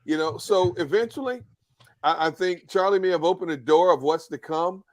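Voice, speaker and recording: A man on a casual sports talk panel, talking in a measured way and often repeating words as he starts a sentence. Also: sits high, no room sound, studio quality.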